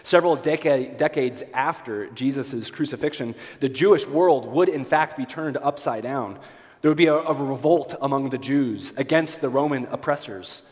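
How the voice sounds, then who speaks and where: A man's voice: mid-range voice, moderate pace, darkish tone, big-room sound. A male pastor giving a sermon in a conversational way, with light humor and rhetorical questions. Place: church sanctuary.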